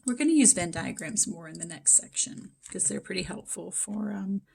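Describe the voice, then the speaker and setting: A woman, a math instructor giving a recorded lecture, her voice a little hoarse and froggy, chatty and explanatory with plenty of fillers. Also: medium pitch, lively intonation, normal speed, a little mellow.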